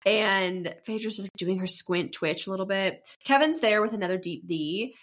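A woman co-hosting a podcast, chatting casually about a reality show and acting out quotes with laughter. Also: moderate pace. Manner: animated, laughing, acts out quotes in a high voice. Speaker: podcast co-host. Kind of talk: casual recap chat.

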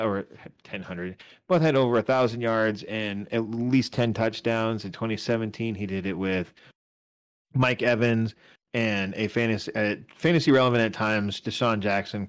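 A man co-hosting a casual fantasy football podcast, rambling and correcting himself as he walks through numbers, a little tired. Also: lowish voice. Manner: rambling, self-correcting, talks through stats. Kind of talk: casual chat.

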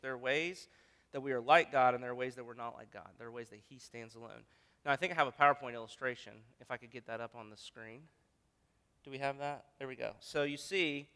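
A man's voice: on the high side, pushed and bright, smooth. A male pastor preaching a sermon, earnest and thinking aloud with frequent restarts. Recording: long hall reverb.

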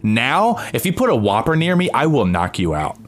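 A man's voice: medium pitch, huge pitch swings, faint music behind. A young man from New Jersey co-hosting a podcast, chatting casually, swearing freely and drawing out his phrases. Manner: laid-back, swears freely, drawn-out phrases. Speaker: podcast co-host. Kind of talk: casual chat.

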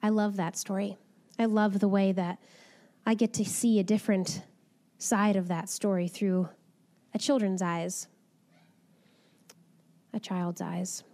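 A woman giving a gentle, reflective devotional talk and reading a children's Bible story aloud. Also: mid-range voice, flat delivery, unhurried, pauses often. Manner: gentle, reflective, soft-spoken.

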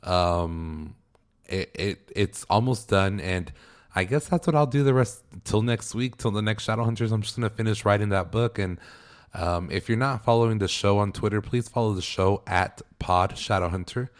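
A man with a notably low-pitched voice hosts a solo podcast recap. He talks casually and excitably, gushing and groaning, with many fillers and quick laughs. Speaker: podcast host.

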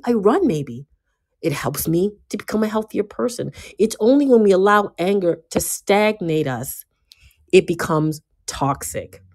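A woman giving a casual motivational talk, emphatic and given to repeating herself, swinging between loud bursts and quiet asides. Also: on the low side. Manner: emphatic, often repeating and restarting words. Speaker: speaker giving a self-help talk.

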